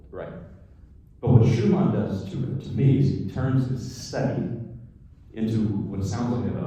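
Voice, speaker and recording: A pianist speaking informally between pieces at a lecture recital, chatty and digressive, with frank asides. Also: male voice, lowish voice, dark tone. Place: concert or recital hall. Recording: very echoey hall, voice far from mic.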